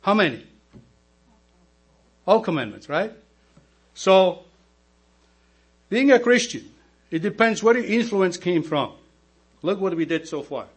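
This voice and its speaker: Male deacon, non-native English speaker, slightly raised pitch, slow emphatic sermon over a mains hum. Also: big pitch swings, slightly rough. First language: not English. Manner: slow, emphatic preaching with rhetorical questions to the congregation.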